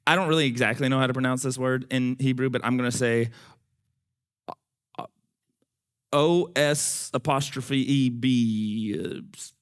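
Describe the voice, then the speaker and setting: A man preaching a sermon in a folksy, animated way, talking straight to his congregation. His voice is going hoarse and he is short of breath. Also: medium pitch.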